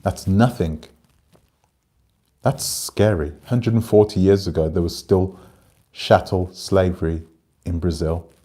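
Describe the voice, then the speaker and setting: A man with a low voice talks loosely into the camera, rambling from one point to the next and picking up viewers' comments as he goes. His tone is dark and mellow, with a relaxed, conversational delivery. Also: measured pace. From Britain. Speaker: channel host. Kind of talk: casual livestream commentary.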